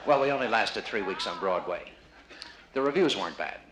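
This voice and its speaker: Doing crowd work during a live stand-up set, a man with a lowish, expressive voice ribs an audience member, talking a little fast. The audience laughs in the background of this roomy, noisy 1960s vinyl recording from a casino showroom stage.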